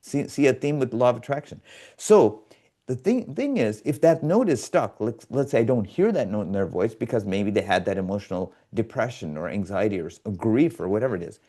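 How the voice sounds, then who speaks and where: A man's voice: fairly low pitch, animated, a little fast, warm tone. A man, a guest on a podcast, explaining his work earnestly and acting out the people he quotes. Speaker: guest, biofeedback specialist.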